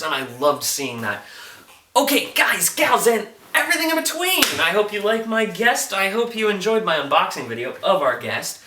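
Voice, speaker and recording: Excitable man rambling in an echoey room. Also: high-pitched. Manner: rambling, excitable, makes sound effects. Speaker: TV review vlogger. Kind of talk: casual episode review. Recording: echoey room, mic at a distance, faint noise.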